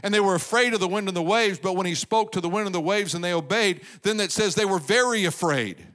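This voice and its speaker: Preaching quickly in a high, fairly bright voice, this pastor engages his congregation through call-and-response asides. He also performs the quotes he cites.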